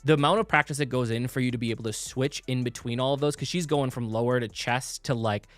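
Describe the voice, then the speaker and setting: A man's voice: medium pitch, steady tone, quick pace, dry recording. A man co-hosting a casual music reaction show who explains vocal technique in plain terms, with lots of "like" fillers. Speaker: music producer and co-host.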